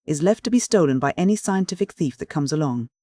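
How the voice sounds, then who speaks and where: A man's voice: fairly high pitch, lively intonation, quick pace, dark tone, no room sound, studio quality. A man voicing an irate, egotistical professor who blusters and bellows. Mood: furious.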